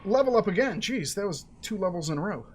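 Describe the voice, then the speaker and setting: A man chatting casually as he plays through a game, thinking aloud and getting excited over his rewards. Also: high voice, fast talker, soft background music. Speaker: gaming channel host. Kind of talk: casual let's-play commentary.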